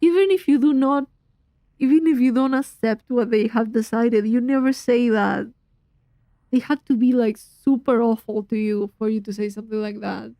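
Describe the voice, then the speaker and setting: A woman's voice: a little high, steady tone, moderate pace, mellow, no echo. A woman streaming a video game. She reacts with feeling, reads the game text aloud, and drops Spanish slang into her talk. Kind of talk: casual gaming stream chat.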